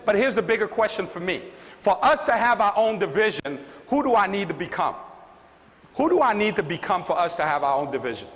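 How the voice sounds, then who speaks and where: Pumped-up guy preaching to a room, high voice, long hall echo. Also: a bit bright. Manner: fired-up, preachy, repeats lines. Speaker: motivational speaker. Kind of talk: motivational speech. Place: large meeting room with audience. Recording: reverberant hall.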